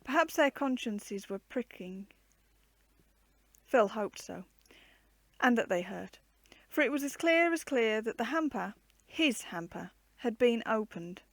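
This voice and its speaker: A woman reading a children's storybook aloud with an expressive, varied storytelling delivery. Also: on the high side, a little slow, no echo.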